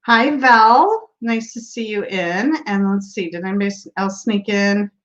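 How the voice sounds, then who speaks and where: A woman's voice: mid-range voice, a little slow, a bit bright. A woman hosting a casual tarot livestream, chatting and laughing as she reads viewer comments aloud. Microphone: streaming setup mic. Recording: dull lo-fi stream audio.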